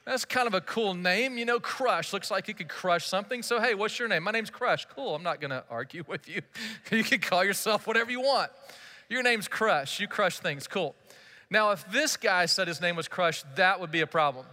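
A man's voice: high voice, lively intonation, moderate pace, sharp tone. A male pastor delivering a sermon, telling the story with playful acted-out dialogue. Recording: large hall with long reverb.

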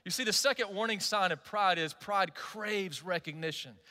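A pastor in his forties preaches with a bright, forceful voice pitched high for a man. He talks to his listeners in an animated, conversational way and keeps asking them direct questions. The sound carries a long hall reverb from the church auditorium. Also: moderate pace. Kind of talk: sermon.

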